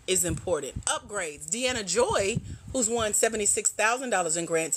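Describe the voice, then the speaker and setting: Lively, bright-voiced woman hosting a livestream. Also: medium pitch, a little hiss or hum, poor audio. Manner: animated, slangy, teasing, laughs often. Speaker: grant coach and host. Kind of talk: casual livestream chat.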